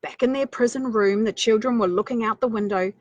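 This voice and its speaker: A woman's voice: a little high, a little fast, dry recording, lo-fi sound. A woman reading a children's story aloud, playful, with chatty asides.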